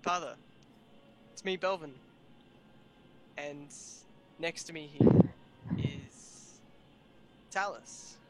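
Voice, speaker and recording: A man's voice: fairly high pitch, fairly even intonation, very slow, pauses often, darkish tone, soft background music, poor audio. A man voicing a bearded, long-haired young warrior who speaks earnestly and soothingly.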